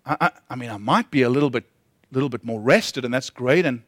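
A man's voice: medium pitch, fast talker, fairly bright tone, no echo, studio quality. A middle-aged man giving a conversational sermon as a pastor, humorous and self-deprecating, with frequent restarts and repeated words.

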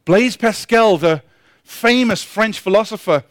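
A man's voice: high voice, unhurried, dry recording, studio quality. A middle-aged man giving a conversational sermon as a pastor, humorous and self-deprecating, with frequent restarts and repeated words.

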